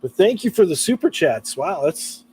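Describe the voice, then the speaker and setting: A man's voice: sits high, big pitch swings, normal speed, a little mellow, husky, low-quality recording. A man chatting casually on a live stream about guitar repair, laughing often and reading out chat messages.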